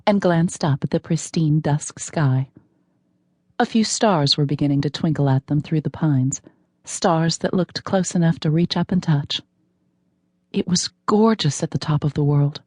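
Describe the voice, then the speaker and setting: Low-voiced woman narrating a novel. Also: measured pace, darkish tone, no echo, clean studio sound. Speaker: audiobook narrator. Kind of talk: scripted narration.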